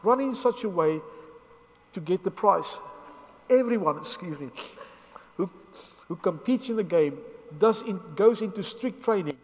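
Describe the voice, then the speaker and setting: A man preaching a sermon in an earnest, halting way, often restarting his sentences, and emotional as he speaks. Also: high voice, lively intonation, darkish tone, in a large hall.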